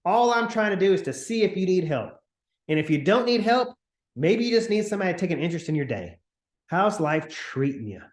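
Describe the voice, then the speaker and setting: A man coaching real estate agents on a video call, talking in an energetic, chatty way and acting out upbeat phone calls. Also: high-pitched, fast, reverberant. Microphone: computer mic on a video call.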